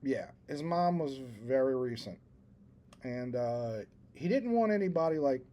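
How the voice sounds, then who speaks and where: A man co-hosts a casual podcast, telling a story at length. His voice is mellow and relaxed, and he mocks himself and laughs along as he talks. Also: mid-range voice, a little slow. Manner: rambling storyteller, self-deprecating, laughs at himself. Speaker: podcast co-host. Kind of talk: casual chat.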